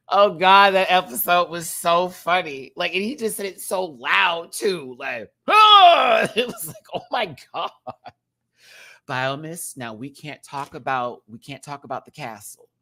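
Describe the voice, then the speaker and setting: A man reviewing a drag competition show in a casual, campy rant, laughing often and swinging between loud outbursts and quiet asides. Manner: big jumps in pitch and loudness. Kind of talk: casual commentary.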